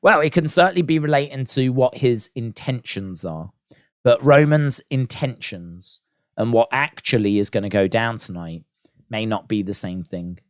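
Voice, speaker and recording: A man's voice: medium pitch, moderate pace, no room sound, clean studio sound. A man with a British accent hosting a wrestling live stream, chatting casually, joking and laughing while reading out viewer comments. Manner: chatty and laughing, jokes at length.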